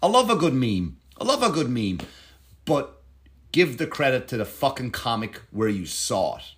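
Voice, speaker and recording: A man in the middle of a loose, rambling monologue to camera, swearing freely and circling back on himself. He talks like a stand-up comedian telling his side of a story, with plenty of restarts and asides. His voice sits at an ordinary middle pitch. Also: sing-song, moderate pace. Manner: profane, digressive, frequent restarts.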